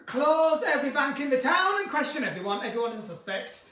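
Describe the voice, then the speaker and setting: A woman impersonating a blunt, gruff older woman police detective from the north of England. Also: sits high, sing-song, fast, fairly bright tone, distant mic. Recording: roomy sound from a mic set back.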